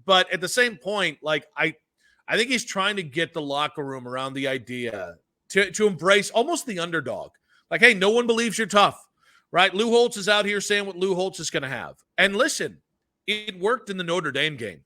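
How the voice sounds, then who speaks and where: A man co-hosting a sports radio show, chatting in an animated way with quick asides. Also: high-pitched. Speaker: radio co-host.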